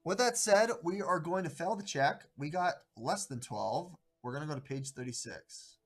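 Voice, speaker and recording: A man hosting a live stream of a solo tabletop adventure, chatting casually in a rambling, halting way. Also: on the high side, lively intonation. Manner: rambling, halting, greets viewers by name.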